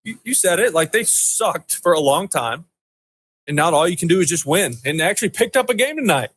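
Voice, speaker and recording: A man's voice: high voice, lively intonation, a little fast, a bit bright, husky. A man who once played third base in the big leagues, chatting about the team's games and quoting stats. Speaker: podcast guest, former player. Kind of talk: casual sports analysis.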